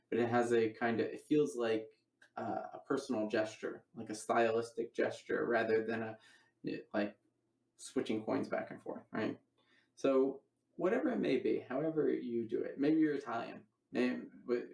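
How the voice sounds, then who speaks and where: A gravelly-voiced man delivers a casual magic lecture, rambling, restarting phrases and narrating moves as he performs them. His voice sits in the mid range with a darkish tone, and he's far from the mic in an echoey room.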